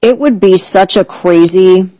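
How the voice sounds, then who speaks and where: A woman's voice: medium pitch, unhurried, no echo, poor audio. Woman host ranting sarcastic on a talk show, dry close mic. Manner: indignant, sarcastic, animated. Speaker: political commentary host. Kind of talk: opinionated talk show commentary.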